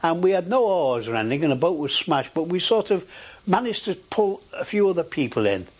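Husky older man recounting. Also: on the high side, fairly quick. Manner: animated storytelling with frequent hesitations. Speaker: interviewee. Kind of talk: oral history recollection.

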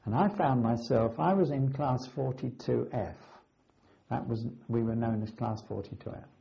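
An older man earnestly recounting his wartime flight training, with dramatic pauses. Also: medium pitch, vocal fry, mellow. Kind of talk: oral history recollection. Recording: slightly dull lo-fi recording.

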